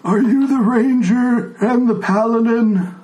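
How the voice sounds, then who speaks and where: A man's voice: extremely high pitch, slow, a little mellow, voice pushed up, low-quality recording. A man voicing an old blind male tiefling who speaks politely in a raised, slightly quavering voice. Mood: courteous.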